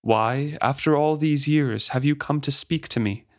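A man's voice: on the high side, a little slow, no echo, clean studio sound, pitched above the performer's own voice. A man voicing a grieving living ship. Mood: reserved, demanding. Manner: reserved, demanding. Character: grieving, blind male living figurehead ship.

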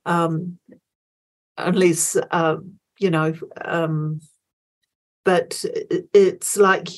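A woman in her sixties with a New Zealand accent, a guest telling a story in a reflective, unhurried way. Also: fairly low pitch, flat delivery. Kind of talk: casual chat.

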